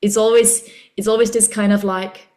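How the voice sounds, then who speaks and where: A woman hosting a podcast interview in a casual, animated way, laughing often and acting out her inner voices. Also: mid-range voice, normal speed. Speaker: podcast host.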